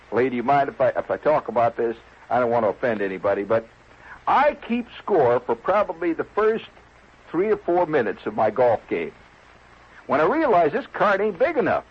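A man's voice: a little high, breathy edge. A man telling a long comic story in a folksy, rambling, self-deprecating way, on a dull lo-fi old recording. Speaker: comedian. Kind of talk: storytelling stand-up monologue.

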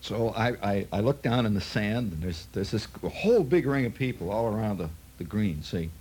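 Husky man telling a rambling anecdote. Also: on the low side, animated, moderate pace, darkish tone. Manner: chatty, full of "see" and "you know" asides. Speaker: storyteller.

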